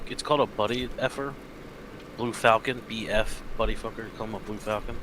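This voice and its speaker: A man's voice: fairly low pitch, little pitch movement, fast talker, noisy background. A man on a live stream telling jokey stories in casual chat, swearing freely and laughing at himself.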